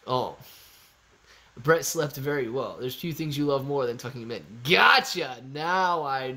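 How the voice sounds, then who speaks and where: Chatty young man, fairly high voice. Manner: animated, loose and joking, reads chat aloud. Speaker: livestream host. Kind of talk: casual live-stream chat reading viewer comments.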